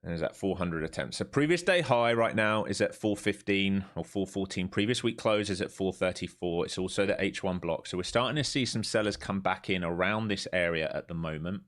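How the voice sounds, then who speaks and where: A man's voice: deep voice, expressive, fairly bright tone. An English man live-streaming his futures trading, chatting casually and joking between calls on price levels. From England. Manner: chatty, laughs often, quick jokes between chart calls.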